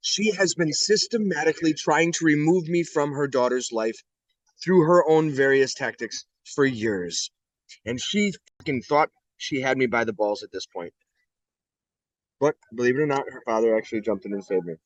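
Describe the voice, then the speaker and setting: A middle-aged man from the United States, an interview guest telling his story candidly in a blunt, profane, animated way. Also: medium pitch, normal speed, dry recording.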